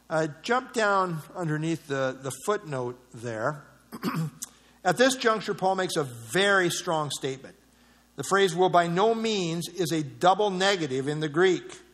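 A man's voice: high-pitched, fairly bright tone. A man teaching a Bible study, reading verses aloud and explaining them in a conversational way, with fillers and restarts.

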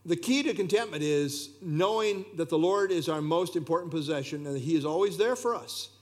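A male preacher delivering a sermon with a slightly higher than usual voice. He speaks emphatically and keeps returning to the same key phrases. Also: fairly quick.

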